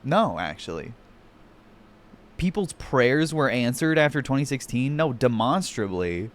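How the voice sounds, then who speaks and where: A man's voice: mid-range voice, sing-song, measured pace. A man streaming, reacting with sarcastic, profanity-laden mockery in casual commentary. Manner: profane, mocking, sarcastic rants.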